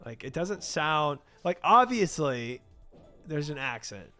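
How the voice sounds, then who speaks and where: A man's voice: fairly high pitch, sing-song, slow, sharp tone. Rambling male streamer over game music. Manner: rambling, trails off into mumbled game talk. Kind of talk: casual gameplay chat reading chat.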